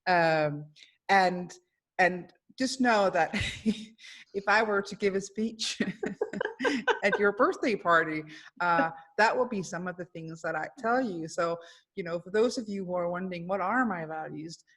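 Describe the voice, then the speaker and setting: A woman psychologist hosts a casual webinar conversation over a video call, speaking effusively with many fillers and restarts. Her fairly low voice is fairly bright, with lively intonation and an unhurried pace.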